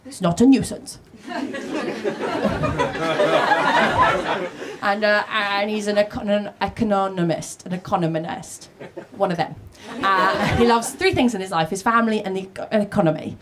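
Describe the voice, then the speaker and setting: A woman's voice: mid-range voice, a little slow, long pauses. A woman doing a rambling, self-deprecating stand-up set on a comedy club stage, recorded live. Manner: rambling, self-deprecating, with many ums and asides. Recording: live club recording with loud crowd and noise.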